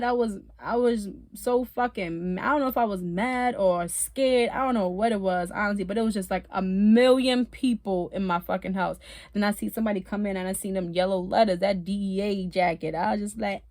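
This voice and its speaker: A woman telling her own story in a casual, animated way, swearing often and laughing now and then. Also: medium pitch, brisk, no echo.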